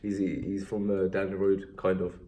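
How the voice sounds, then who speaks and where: A man's voice: low-pitched, normal speed, noisy background. A young English man recapping fight results in a rambling, self-deprecating casual chat. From England. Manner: rambling, self-deprecating, animated when excited. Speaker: MMA vlogger.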